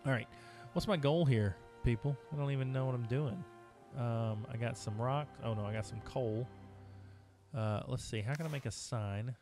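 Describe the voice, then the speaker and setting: A man's voice: medium pitch, normal speed, darkish tone. A man streaming a video game live, chatting casually with viewers as he plays. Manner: chatty, talking to chat while playing. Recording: music playing behind.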